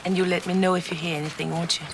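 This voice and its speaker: A woman's voice: fairly low pitch, little pitch movement, very fast, natural voice. An actress as an anxious, earnest mother. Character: worried mother of a runaway daughter. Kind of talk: 1990s TV soap acting. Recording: old TV clip with faint noise.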